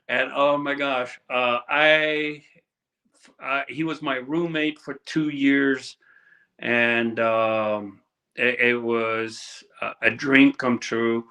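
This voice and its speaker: A man in his sixties, a podcast guest telling stories in a halting way, with many fillers and restarts, and laughing often. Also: mid-range voice, fairly even intonation, pushed and bright. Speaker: podcast guest, former pro hockey player. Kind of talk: casual storytelling interview.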